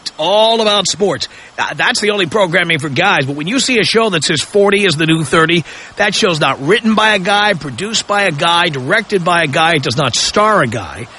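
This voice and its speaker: A man's voice: high voice, lively intonation, normal speed, sharp tone, a little hiss or hum. A man hosting a call-in radio talk show, brash and mocking, provoking his callers.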